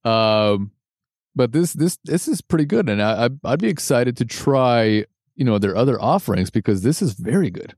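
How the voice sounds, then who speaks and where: A man's voice: mid-range voice, sing-song, normal speed, a little mellow, no echo, clean studio sound. A man co-hosting a whiskey tasting in casual chat, laughing often and repeating words as he thinks aloud.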